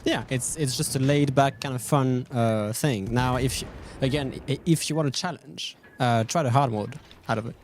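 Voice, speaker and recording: A man's voice: medium pitch, moderate pace, hardly any pauses, a little hiss or hum. A man hosting a live game stream, chatting casually about gameplay and answering viewers' questions. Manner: laid-back, rambling, fillers, answers chat. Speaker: stream host.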